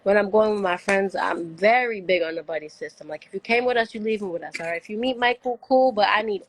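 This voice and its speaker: A woman's voice: mid-range voice, fast, a little hiss or hum, poor audio. A woman giving travel tips in casual chat on a live show. She talks chattily, filling her talk with "like" and acting out the people she quotes.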